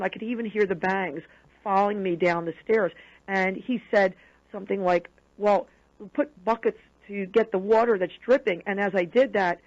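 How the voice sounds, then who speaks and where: A woman of middle pitch tells a personal story as a radio guest. She acts out the quoted voices with lively retelling. The broadcast audio sounds dull and lo-fi.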